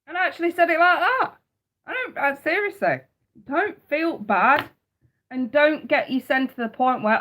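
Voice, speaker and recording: A woman's voice: high voice, expressive, normal speed, pushed and bright. A woman giving a live tarot reading, blunt and emphatic, swearing freely and repeating her points. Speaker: tarot reader. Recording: dull lo-fi sound.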